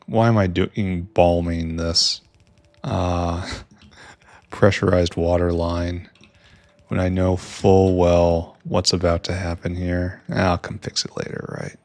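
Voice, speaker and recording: A man with a low, deep voice talks slowly through a game he is playing, rambling and thinking aloud. He makes wry little asides and often drops into quiet mutters to himself. The sound is dry and close to the mic. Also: level tone, dry recording. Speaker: gameplay streamer. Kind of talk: casual let's-play commentary.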